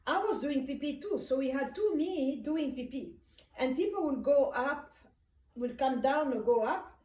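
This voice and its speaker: A woman from Africa giving a personal testimony about a dream, in an unhurried, hesitant way with frequent pauses and fillers. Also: high-pitched, a little mellow. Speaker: speaker recounting a dream. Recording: roomy, distant from the mic.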